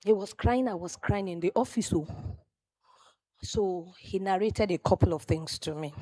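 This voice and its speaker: Animated Nigerian woman telling stories. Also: mid-range voice, normal speed, dry recording, studio quality. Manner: animated storyteller, exclamations and asides to the audience. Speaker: tribute speaker at a memorial event. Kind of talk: personal tribute speech, storytelling.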